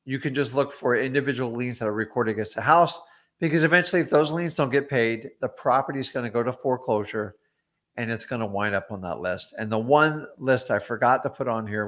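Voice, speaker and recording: A man's voice: medium pitch, brisk, fairly bright tone. A middle-aged man, a real estate investor, teaching wholesaling in a casual livestream, blunt and chatty with frequent ums and asides.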